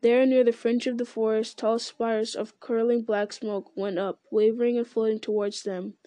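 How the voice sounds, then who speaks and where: A woman reading a novel aloud in a steady, unhurried storytelling manner. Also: a little high, no room sound. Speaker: reader.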